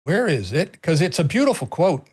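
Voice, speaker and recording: A middle-aged man with a high voice talks politics on a casual stream. He speaks emphatically, repeats himself and swears freely. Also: sing-song, normal speed, breathy edge. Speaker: co-host.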